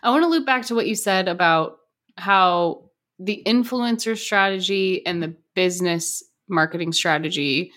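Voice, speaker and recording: Young woman host, casual chat, lively, does little voices when she quotes people. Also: fairly low pitch, moderate pace.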